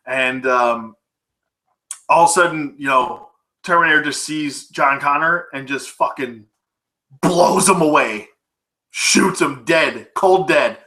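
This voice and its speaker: A man's voice: a little high, pushed and bright. A man recapping a film casually, rambling with many fillers, laughing often and swearing freely. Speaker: film reviewer.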